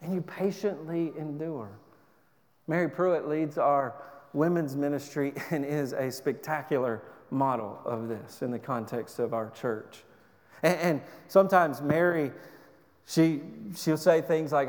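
A man with a notably high voice preaches in earnest, urging tones, often stumbling and restarting mid-phrase. His sermon rings out with a long hall reverb, as if from a church sanctuary. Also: slow pace, darkish tone. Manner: earnest, exhorting, with frequent restarts. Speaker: pastor.

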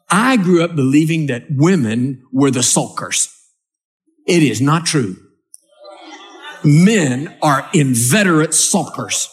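A male preacher giving a humorous sermon to a live church audience, reading scripture and acting out scenes. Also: on the high side. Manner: animated storytelling, acts out scenes.

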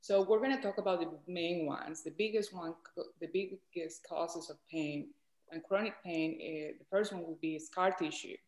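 Colombian-accented woman doctor, lowish voice, patient explainer, roomy echo. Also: steady tone, normal speed, a little mellow. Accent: Colombian Spanish. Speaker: doctor guest. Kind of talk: explaining in an interview.

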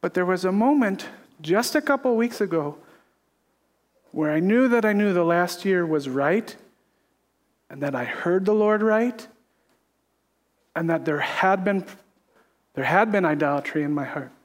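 A man's voice: high voice, expressive, measured pace, long pauses. A middle-aged male pastor preaching a confessional sermon, earnest and emphatic, laughing at himself now and then, on a stage microphone in a church sanctuary. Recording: echoey hall reverb.

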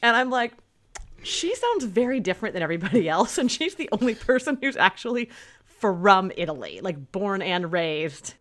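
A woman's voice: mid-range voice, sing-song, normal speed, fairly bright tone. A woman co-hosting a podcast, chatting casually about a film, laughing often and restarting her sentences. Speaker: podcast co-host.

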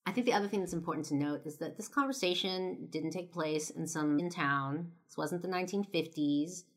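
Low-voiced young woman, chatty. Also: fairly quick. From Los Angeles, United States. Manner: loose and chatty, full of "like" and "you know", blunt swearing. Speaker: vlogger. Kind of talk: casual storytelling to camera.

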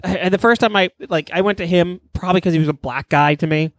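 A man's voice: high voice, fast talker, no room sound. A man on a casual gaming podcast, talking in an enthusiastic, rambling, profane way. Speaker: podcast co-host.

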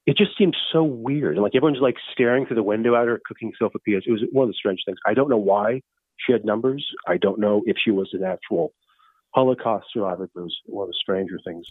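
This guest storyteller, a man in his fifties, talks fast in a fairly low voice with a breathy edge. He rambles casually with many restarts, and the dry recording comes through a tinny, phone-like line.

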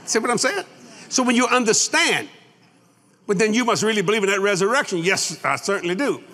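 High bright-voiced preacher. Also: male voice, lively intonation, brisk, a little hiss or hum. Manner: folksy and boastful, laughing at his own lines. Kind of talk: sermon. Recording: long hall reverb.

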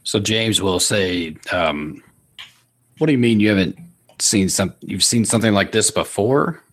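Deep husky male player. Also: unhurried, fairly bright tone. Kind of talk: casual game chat.

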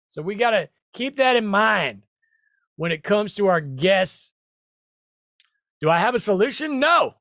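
A man with a high, lively voice rides big swings of pitch as he hypes his listeners, loud and salesy and quick to laugh. The sound is dry and close, with no room around it. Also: dry recording. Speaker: podcast host. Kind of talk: animated solo podcast talk.

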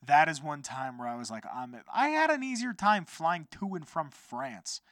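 Animated man telling a rambling story. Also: a little high, moderate pace, no echo, clean studio sound. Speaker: podcast host. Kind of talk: casual storytelling monologue.

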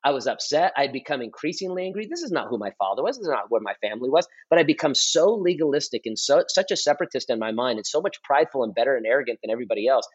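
A man in his thirties, a pastor, recounting his story with earnest conviction and often circling back over his own phrases. His voice sits at an ordinary middle pitch. The recording sounds a little dull and lo-fi. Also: expressive, racing, few pauses, breathy edge. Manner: earnest storytelling, repeats and restarts phrases for emphasis. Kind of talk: conversational testimony on a podcast. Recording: slightly dull lo-fi audio.

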